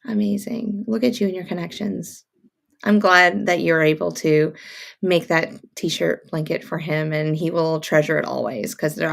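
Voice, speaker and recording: A woman's voice: on the low side, vocal fry. A woman hosting a casual sewing livestream, chatting with viewers, greeting them by name, and drifting into rambling asides. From upstate New York, near Montreal. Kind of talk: casual live-stream chat.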